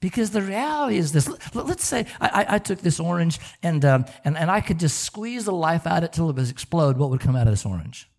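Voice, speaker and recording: A middle-aged pastor preaches animatedly in a gravelly, somewhat high voice, talking fast with few pauses. He repeats words in stammering bursts and throws rhetorical questions at the congregation.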